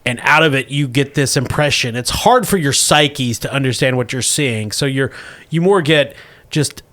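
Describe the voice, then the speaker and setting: A man's voice: mid-range voice, normal speed, fairly bright tone. A man narrating a tabletop game as game master, describing scenes vividly.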